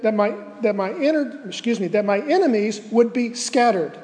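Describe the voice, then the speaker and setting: High-voiced pastor preaching in a reverberant hall. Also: male voice, a little mellow. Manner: earnest, measured preaching with slowed emphasis. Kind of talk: sermon.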